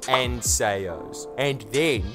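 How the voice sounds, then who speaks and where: An Australian man narrating a scripted comedy list in a deadpan, sardonic way. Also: mid-range voice, extremely slow. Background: music.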